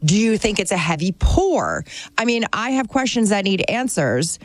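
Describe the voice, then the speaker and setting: A woman co-hosting a radio talk show, playful and quick to laugh in casual studio banter. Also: medium pitch, sing-song, dry recording. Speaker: radio co-host. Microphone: studio mic.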